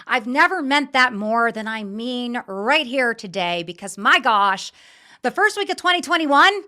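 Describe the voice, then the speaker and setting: Bright, high-voiced fired-up woman talk host. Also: expressive, normal speed. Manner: emphatic, repeats words for emphasis, fired up. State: frustrated and angry. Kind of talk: opinionated political talk show monologue.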